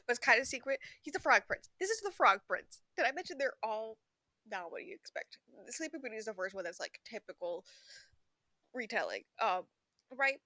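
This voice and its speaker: Young woman chatting about a book, kinda high voice, lots of ums, dry close mic. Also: sing-song, sharp tone, no room sound. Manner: rambling, filler-heavy, laughs often, breaks into quick acted quotes. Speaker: book vlogger. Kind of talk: casual book review chat.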